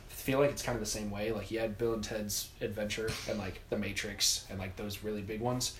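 Bright young man in an echoey room. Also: lowish voice, steady tone, fairly quick, a little hiss or hum. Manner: rambling, profane, lots of likes. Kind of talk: casual group chat.

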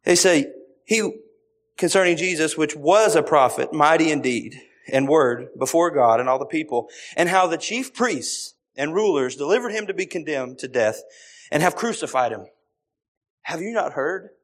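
A man preaching a sermon. His voice sits a little high and swings up and down a lot as he repeats phrases for emphasis. Now and then he slips briefly into the voices of other people. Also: lively intonation, normal speed.

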